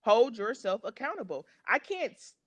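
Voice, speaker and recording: A woman's voice: fairly high pitch, sing-song, moderate pace, dry recording. A woman co-hosting a casual podcast chat, blunt and preachy, with plenty of cursing. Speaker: podcast co-host.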